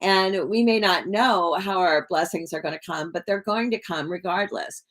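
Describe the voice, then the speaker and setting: A woman chats with her viewers on a livestream in a loose, rambling way. She starts phrases over and over and fills the gaps with "like" and "you know". Her voice sits a little on the low side. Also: moderate pace, fairly bright tone. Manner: rambling, repeats words, many fillers. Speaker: livestream host. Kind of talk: casual livestream chat.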